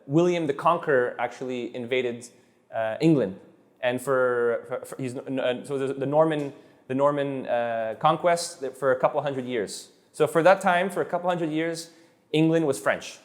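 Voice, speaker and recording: A man teaching a live class of students, relaxed and encouraging, who often repeats himself and restarts his sentences. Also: medium pitch, moderate pace. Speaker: Spanish teacher.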